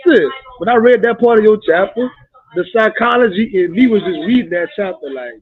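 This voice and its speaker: High-voiced man on a phone line. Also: expressive, a little fast, husky, no echo. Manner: emphatic, colloquial, laughs often. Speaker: podcast host. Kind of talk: casual conversation.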